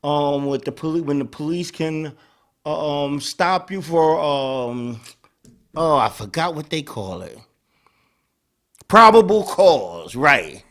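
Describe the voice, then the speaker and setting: A man hosting a casual commentary, talking in an animated way. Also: a little high, slow pace. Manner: animated, acts out dialogues. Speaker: host.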